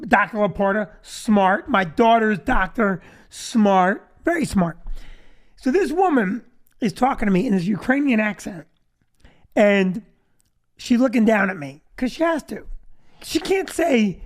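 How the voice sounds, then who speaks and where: A man's voice: very high-pitched, expressive, a little slow. A man in his fifties hosting a podcast, telling a comic story with self-deprecating asides. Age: 50s. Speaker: podcast host. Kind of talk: comedic storytelling monologue.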